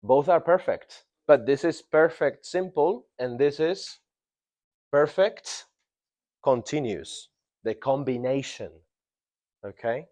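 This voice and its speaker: A man's voice: a little high, animated, slow pace, pauses often, a little mellow. A man teaching a grammar lesson to a class in a classroom. He stresses and repeats key words and keeps checking in with the students. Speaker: English teacher.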